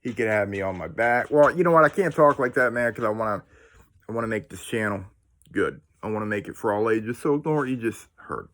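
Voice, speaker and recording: A man hosting his own channel, telling a story to camera in a casual, excitable, rambling way full of restarts and slang. He is talking indoors at home. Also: lowish voice, a little fast. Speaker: paranormal storyteller, channel host.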